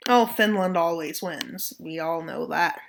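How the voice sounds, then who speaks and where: A woman's voice: fairly low pitch, measured pace, gravelly, slight background noise. A woman narrating a map scenario video, with playful jokes and asides. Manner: joking asides, playful mock voices. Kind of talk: casual commentary over a map scenario.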